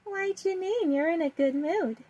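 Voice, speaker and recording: A woman's voice: extremely high pitch, normal speed, a little mellow, no echo, voice pushed up. A woman voicing a sweet little kindergarten girl in a read-aloud storybook. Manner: small, sweet, childlike.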